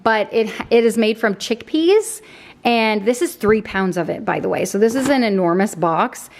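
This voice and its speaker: A woman's voice: mid-range voice, animated, moderate pace, a little mellow, slight background noise. A woman in her thirties, a mom chatting casually through a grocery haul, rambling with self-deprecating asides.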